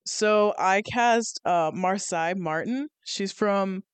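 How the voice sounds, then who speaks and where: A woman's voice: medium pitch, slow pace, smooth, dry recording. A young woman in her twenties co-hosts a chatty podcast. She talks playfully and often breaks off to rephrase. Her voice is clean and resonant, and the recording is dry. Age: 20s. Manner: hesitant, self-correcting, playful. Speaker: podcast co-host. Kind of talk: casual chat.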